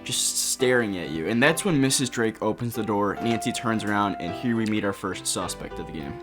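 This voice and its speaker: A man's voice: fairly low pitch, lively intonation, brisk, over music. A man co-hosting a video game review show, talking in an enthusiastic, conversational way. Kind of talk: casual review chat.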